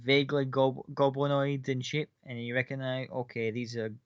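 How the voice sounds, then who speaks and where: A man's voice: medium pitch, monotone, moderate pace, clear, resonant tone, dry recording, dull audio. A man running a tabletop game as game master, narrating scenes casually and with some swearing.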